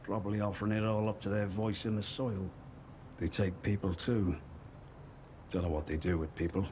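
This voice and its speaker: A man's voice: fairly low pitch, little pitch movement, moderate pace, noisy background, close to an everyday voice. An actor playing a wary, chatty male woodland trader with a northern English accent touched by Liverpool. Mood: ominous. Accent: northern English with Liverpool hints. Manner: folksy, wary, chatty storyteller.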